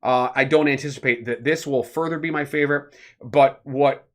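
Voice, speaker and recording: A man co-hosting a casual podcast, explaining at length in an animated, rambling way with many fillers. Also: medium pitch, normal speed. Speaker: podcast co-host.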